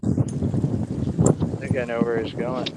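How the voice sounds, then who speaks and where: A man's voice: medium pitch, flat delivery, takes it slowly, heavy background noise. A man co-commentating a live stream in an easygoing way, mostly giving short agreeing replies.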